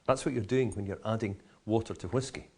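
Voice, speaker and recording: A man's voice: fairly low pitch, a little fast, slightly rough. A man teaching how to taste, enthusiastic and full of vivid comparisons and playful asides. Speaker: whisky educator. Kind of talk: explanatory tasting talk.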